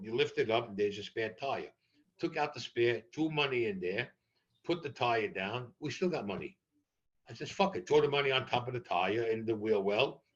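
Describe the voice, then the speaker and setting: An older man tells stories as an interview guest, blunt and profane. His voice is bright and forceful. The recording sounds a little dull and muffled. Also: medium pitch. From New York. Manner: blunt, profane, animated storyteller. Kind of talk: storytelling in a podcast interview.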